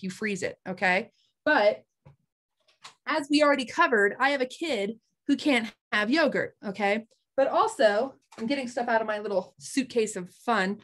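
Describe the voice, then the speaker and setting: A woman on a video call, walking listeners through a simple recipe in a chatty, animated way and often checking in with them. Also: high-pitched. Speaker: host presenting a recipe. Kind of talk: casual chat demo.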